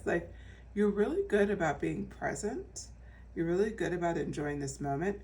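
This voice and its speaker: Woman tarot reader, casual and reassuring, slightly low voice, mic set back a bit. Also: sing-song, brisk, darkish tone, far from the mic. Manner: chatty and reassuring, full of fillers and restarts. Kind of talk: casual pick-a-card tarot reading.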